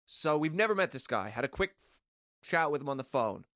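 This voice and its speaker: Man, high voice, casual comic storytelling, dry close-miked podcast sound. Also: brisk, no echo. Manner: animated storyteller, dry asides. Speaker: guest. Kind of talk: casual comedic anecdote.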